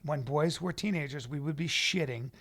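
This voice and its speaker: A man co-hosts a casual podcast, his voice sitting a bit high with a gravelly edge. He tells loud, laughing stories. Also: moderate pace. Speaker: podcast co-host. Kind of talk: casual chat.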